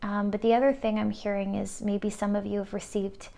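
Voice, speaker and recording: A woman giving an intuitive pick-a-card tarot reading, soft and earnest, with many "like" fillers. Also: medium pitch, little pitch movement, brisk, creaky. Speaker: tarot reader.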